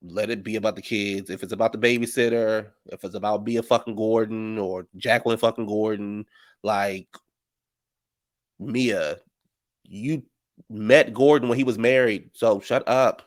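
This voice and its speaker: A man's voice: lowish voice, no room sound. Sassy gossiping man recapping reality TV. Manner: sassy, gossipy, animated storytelling with "honey" and "child". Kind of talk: casual recap commentary.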